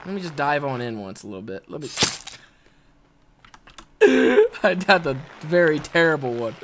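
Excitable young guy yelling over a game. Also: fairly high pitch, moderate pace, long pauses, background noise. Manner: excitable, yelps and shouts at game mishaps, swears often. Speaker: gaming video host. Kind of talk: let's play commentary with facecam.

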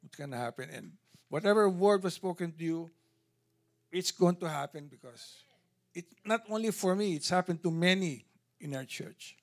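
A man giving an animated testimony at a church service, telling his story with quoted dialogue. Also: high voice, normal speed.

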